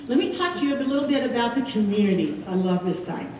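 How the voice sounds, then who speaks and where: A woman's voice: on the high side, lively intonation, fast talker, a crowd in the background. A woman giving a casual slideshow talk about her missionary years, chatty with frequent ums. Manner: chatty, many ums, light laughs. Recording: echoey room, distant mic.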